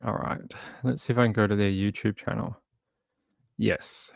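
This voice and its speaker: A man hosting a casual live stream, rambling and halting as he greets viewers by name. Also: on the low side, fairly even intonation, creaky, no echo, studio quality.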